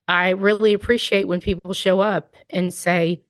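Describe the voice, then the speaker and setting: A woman's voice: medium pitch, fairly even intonation, moderate pace, dry recording. A woman hosting a podcast interview, candid and empathetic, relating her own experiences to her guest. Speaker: podcast host. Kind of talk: interview conversation.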